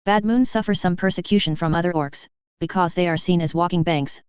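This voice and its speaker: This woman narrates a first-person fan story aloud, brisk yet steady and plain. She has a lowish, very smooth, clear voice, captured in a dry recording with a slightly dull, lo-fi tone.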